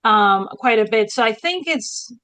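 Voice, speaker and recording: A woman's voice: fairly high pitch, expressive, moderate pace, a bit bright, no echo, rough recording. A woman from Spain, a historian co-hosting a casual podcast chat in a dramatic, theatrical way. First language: Spanish. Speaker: historian co-host.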